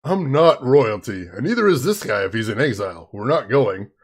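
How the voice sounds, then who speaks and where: A man reading the part of a grumpy, reluctant young hero from a comic, in a flat and dismissive way. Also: mid-range voice, normal speed, husky, voice pushed down.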